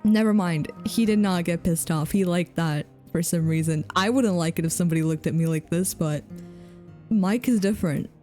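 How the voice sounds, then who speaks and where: A woman's voice: on the low side, moderate pace, dark tone, faint music behind. A woman streaming a game, chatting playfully with viewers and laughing often. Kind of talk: casual game commentary.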